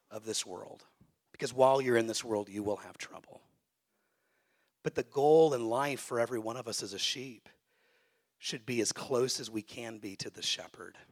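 A man who is a pastor, preaching a sermon to a congregation and swinging between hushed, soft phrases and loud, emphatic peaks. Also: mid-range voice. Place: church sanctuary.

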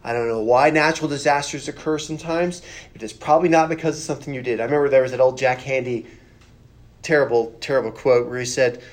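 A pastor giving a conversational sermon, earnest and plain-spoken, with rhetorical questions and repeated phrases. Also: male voice, mid-range voice, steady tone, quick pace.

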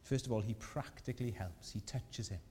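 A man gives an earnest, gentle sermon in a mellow, mid-pitched voice. His words ring out in a large church hall with long reverb, and a faint low rumble sits underneath. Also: normal speed. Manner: earnest, gentle preaching with rising emphasis. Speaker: pastor.

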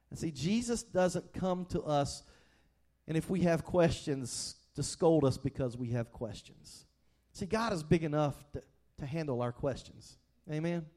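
Male pastor, fairly high voice, earnest, chatty sermon delivery with frequent restarts. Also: animated, measured pace, warm tone. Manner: earnest, conversational, repeats and restarts words.

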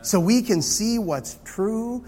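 A man preaching a sermon in a conversational, animated way. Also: high-pitched, slow pace, slight background noise. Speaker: pastor. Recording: long hall reverb.

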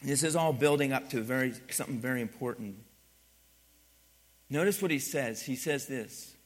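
A male pastor delivers a sermon at medium pitch and a moderate pace, shifting from quiet teaching into loud, emphatic passages while calling on the congregation to respond.

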